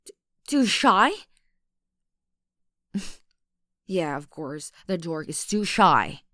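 A woman's voice: lowish voice, sing-song, slow pace, bright, forceful tone, no room sound, studio quality. A young woman in an audio role-play, talking to the listener as an aggressive, mocking, swearing bully.

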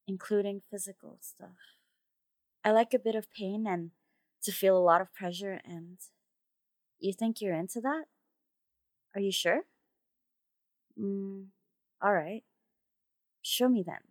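A young woman acting a flustered friend who grows submissive in an audio role-play, talking in halting, hesitant bursts full of fillers. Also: medium pitch, no echo, studio quality.

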